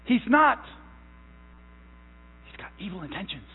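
Young male pastor, emphatic sermon delivery, halting repeats, long church reverb. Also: high-pitched, big pitch swings, a little hiss or hum. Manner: emphatic, stretches out key words; repeats phrases, halting restarts. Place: church sanctuary. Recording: tinny phone-like sound in a long-echo hall.

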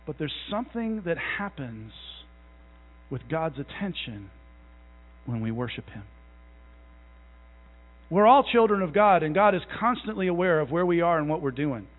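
A man in his thirties delivers a conversational sermon in a fairly high voice, mixing folksy family stories with self-deprecating jokes. He builds to slow, emphatic conviction. The sound is narrow and phone-like, with a long hall echo trailing behind it. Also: lively intonation. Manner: builds to a louder, slower fervor. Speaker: preacher.

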